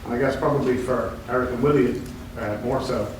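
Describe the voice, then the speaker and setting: A man's voice: medium pitch, steady tone, a little fast. Distant man asking from the floor. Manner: hesitant, thoughtful, many fillers. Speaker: audience member asking a question. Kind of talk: question from the floor. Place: university conference hall. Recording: distant, very echoey hall with noise.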